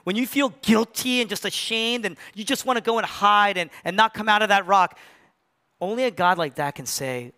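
A man preaching a sermon as pastor, animated, swinging between loud rises and hushed, low lines. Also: moderate pace. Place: church.

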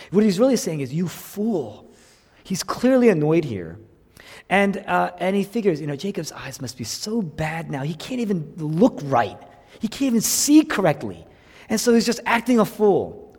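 A man preaching a sermon as pastor, swinging from hushed lines to loud emphatic ones. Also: medium pitch, husky, big-room sound.

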